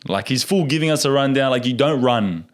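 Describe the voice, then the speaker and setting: A young man, a podcast guest, telling a story in a casual and animated way, laughing often and acting out what people said. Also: mid-range voice, a little fast.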